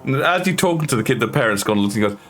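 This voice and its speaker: A man's voice: medium pitch, expressive, rapid-fire, a bit bright, soft background music. A man narrating as dungeon master, hesitant with frequent fillers. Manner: hesitant, many fillers and restarts. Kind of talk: narrating a tabletop game.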